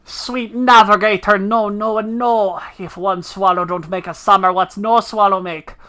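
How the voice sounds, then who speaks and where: A woman's voice: medium pitch, steady tone, measured pace, bright, forceful tone. A woman doing a grumbling mercenary leader. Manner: old-fashioned folksy dialect, muttering and grumbly.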